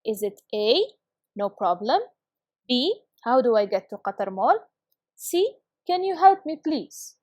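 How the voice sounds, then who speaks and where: A woman teaching an English lesson to schoolchildren on video, reading example phrases slowly and carefully and often praising her students. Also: on the high side, very animated, a little mellow, no room sound, studio quality.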